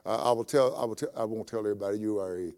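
A man's voice: on the low side, very fast, vocal fry, darkish tone. A man preaching a sermon as a pastor, folksy and repeating phrases for emphasis.

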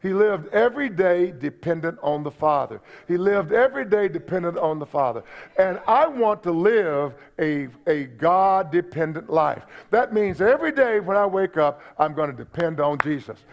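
Animated and gravelly, a high-voiced man preaches at a moderate pace, folksy and joking. He repeats his points and turns to the congregation with asides, on a dull, lo-fi church recording.

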